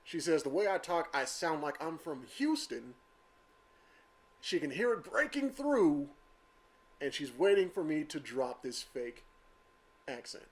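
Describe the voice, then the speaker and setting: Middle-aged dude on a podcast, crisp clear pronunciation, voice a little on the high side. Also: male voice, sing-song, unhurried, long pauses. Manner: crisp enunciation, plain talk. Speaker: podcast co-host. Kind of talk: casual podcast chat.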